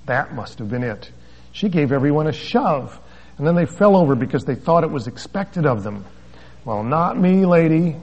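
Wry pastor reading a story aloud. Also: male voice, fairly high pitch, very animated, normal speed, darkish tone, breathy edge. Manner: storytelling with wry asides, chuckling. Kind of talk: sermon with a read-aloud story. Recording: dull lo-fi recording.

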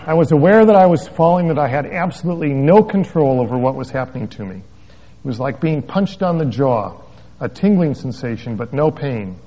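A man's voice: on the high side, expressive, normal speed, dark tone. A man preaching as a pastor, reading a story aloud with wry asides and chuckles, on a dull lo-fi recording. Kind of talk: sermon with a read-aloud story.

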